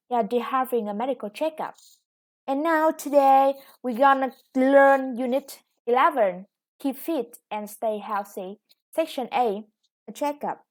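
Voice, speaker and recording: A woman with a Vietnamese accent teaching an online English lesson, explaining step by step with frequent "yeah" and "okay". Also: on the high side.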